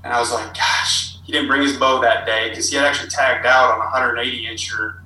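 A man's voice: medium pitch, little pitch movement, fast talker, bright, forceful tone. A man telling a long, rambling hunting story as a podcast guest. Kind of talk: casual storytelling. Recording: roomy, distant with faint ambience.

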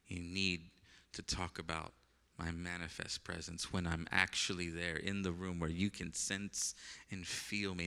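A man preaching a sermon as pastor, telling a personal story with lively acted-out voices and then turning quiet and reverent. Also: low voice, clean tone. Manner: animated storytelling, acts out voices, laughs often, turns quiet and reverent. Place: church sanctuary. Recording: echoey church hall.

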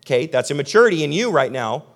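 A man's voice: a little high, very animated, fast talker, fairly bright tone. A young man preaching a sermon to a live audience in a conversational, emphatic way, speaking directly to his listeners. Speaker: pastor. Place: church hall with a live audience.

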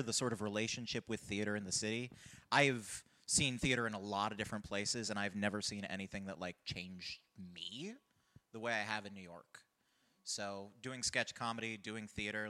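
A man from California in a casual group chat, acting out the people he quotes in a raised voice. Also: moderate pace. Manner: animated, acts out quoted people in a high voice. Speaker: comedy troupe member.

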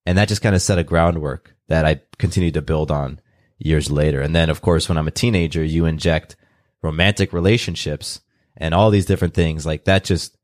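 A man from California talking openly and earnestly in an interview, unhurried, often restarting his sentences. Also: a bass voice, fairly even intonation, dry recording, clean studio sound. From California, USA. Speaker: guest. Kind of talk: reflective personal storytelling.

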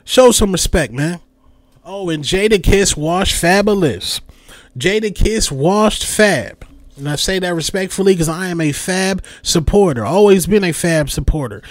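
Young guy going off on a podcast rant, kinda high voice, dry close sound. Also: a little slow, dry recording. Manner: animated, repeats catchphrases, mimics voices. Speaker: podcast host.

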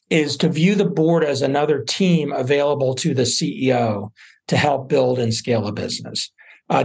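A man, a venture investor, telling stories in a relaxed interview with many fillers and restarts. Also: medium pitch, gravelly, slightly rough. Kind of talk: casual interview talk.

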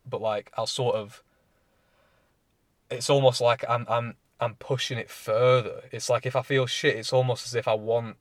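Casting: young man, casual rambling monologue, sweary and candid, mid-pitched voice, dry close recording. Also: no echo. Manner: rambling, frank, heavy swearing, many fillers.

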